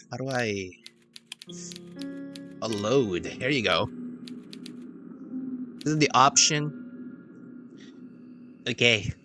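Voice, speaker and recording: Playful rambling male streamer. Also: on the low side. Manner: playful, rambling, self-mocking. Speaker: VTuber streamer. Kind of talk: casual game stream chatter. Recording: game music playing behind.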